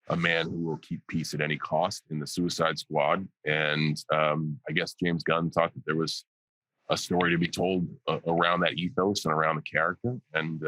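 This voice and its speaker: A man's voice: a bass voice, a bit bright, no echo, poor audio. A man in his forties, a guest on a podcast, answering questions in a dry, sarcastic, joking way. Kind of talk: casual interview answers.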